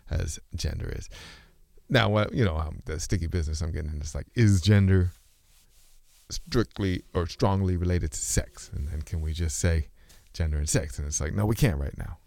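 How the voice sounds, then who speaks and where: Talking to camera in a casual, rambling monologue, a man with a low, creaky, darkish voice muses aloud and often breaks off mid-thought to start again, switching between speech registers. The sound is dry and clean, like a studio.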